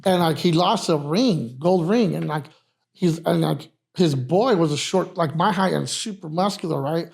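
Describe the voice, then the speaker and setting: A man who heads a security crew, telling club stories in a casual, profane, animated way. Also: fairly high pitch, moderate pace, creaky. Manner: profane, animated storyteller, repeats "you know what I mean". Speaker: guest, head of a security firm. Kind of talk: casual podcast storytelling.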